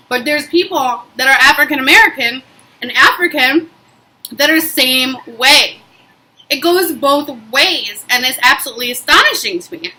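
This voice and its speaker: A woman's voice: high voice, moderate pace, poor audio. A young woman vlogging, telling a personal story in a casual, emphatic way with lots of fillers. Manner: emphatic, animated retelling with frequent fillers.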